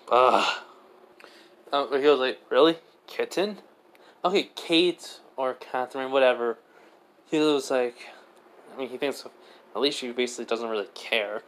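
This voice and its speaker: A man's voice: mid-range voice, fairly bright tone. A young man improvising a fan story aloud, rambling with many fillers as he recounts who said what, barely changing his voice between the characters. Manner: rambling, filler-heavy retelling with many "he goes, she goes".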